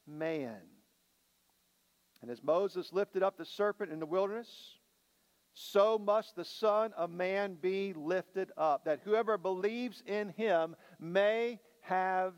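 A man preaching a sermon as a pastor, slowing down and building emphasis on key lines. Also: high voice, long reverb tail. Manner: preaching with dramatic slowdowns and rising emphasis.

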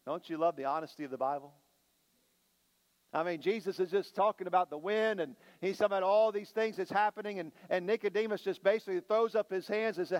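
A man preaching a sermon as a pastor, slowing down and building emphasis on key lines. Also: on the high side, in a large hall. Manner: preaching with dramatic slowdowns and rising emphasis.

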